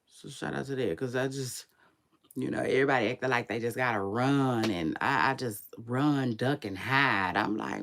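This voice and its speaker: A woman in her forties with a smoky voice, chatting casually and sleepily to her viewers in a laid-back, slangy way. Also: normal speed. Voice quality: smoky low voice. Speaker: online commentator. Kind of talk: casual livestream chat to viewers.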